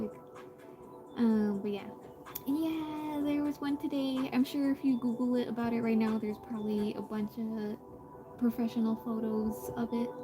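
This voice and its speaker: A woman's voice: on the high side, poor audio. A woman streamer chatting casually while she draws, rambling with lots of fillers and restarts, and greeting viewers in passing. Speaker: live streamer. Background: background music.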